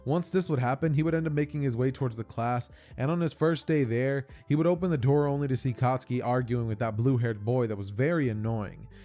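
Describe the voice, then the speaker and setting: A man's voice: medium pitch, a little fast, hardly any pauses, dark tone, soft background music. A young man casually telling a fan-fiction story, rambling with stammered repeats and many fillers.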